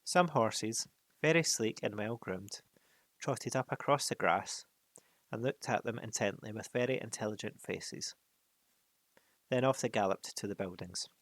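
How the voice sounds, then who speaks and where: A man reading a novel aloud in an unhurried way, pausing for casual asides. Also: on the low side, dry recording. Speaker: reader.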